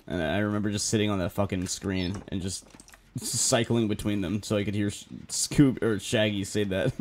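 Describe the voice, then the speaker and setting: A man's voice: lowish voice, fairly even intonation, normal speed, darkish tone, slight background noise. Young male streamer, casual game chat, swears and laughs a lot. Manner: laughing, swearing, joking with teammates. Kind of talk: casual gaming commentary.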